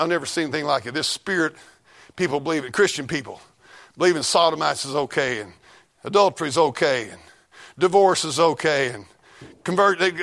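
A man preaching a fiery sermon, telling folksy stories and swinging from low mutters to loud shouts.

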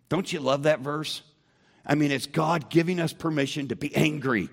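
A man's voice: a little high, moderate pace. A man teaching a Bible lesson to a church group, emphatic and asking the room questions.

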